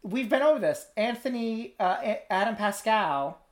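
A podcast co-host chatting casually, with a joking tone and quick asides. The voice sits at a middling pitch, and the delivery is relaxed and talkative. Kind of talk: casual chat.

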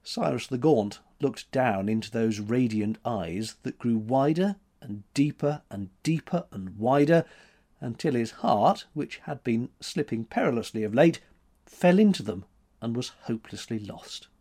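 A man reading a story aloud in measured, expressive narration. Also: medium pitch. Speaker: audiobook narrator. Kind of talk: scripted narration.

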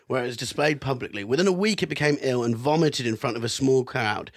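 A man's voice: medium pitch, fast talker, no echo, studio quality. A man co-hosting a casual podcast, reading out an odd history story with amused, swearing asides. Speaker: podcast co-host.

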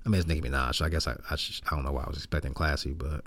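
A man's voice: extremely low pitch, fairly even intonation, racing, fairly bright tone, dry recording. A man co-hosting a podcast, chatting loosely and joking with slang. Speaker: podcast co-host. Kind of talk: casual chat.

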